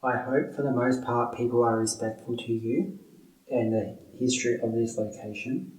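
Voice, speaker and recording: A man on a ghost hunt, courteously and calmly questioning spirits in an old jail. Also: mid-range voice, recorded from a distance. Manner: calm, courteous, measured. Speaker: paranormal investigator. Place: old stone jail building. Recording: echoey room, off-mic.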